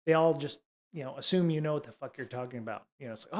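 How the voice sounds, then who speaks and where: Male stream host, mid-pitched voice, loose, sarcastic, full of fillers. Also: rapid-fire, a little mellow. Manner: rambling, sarcastic asides, many fillers. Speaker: livestream host teaching coding. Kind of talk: casual livestream tutorial.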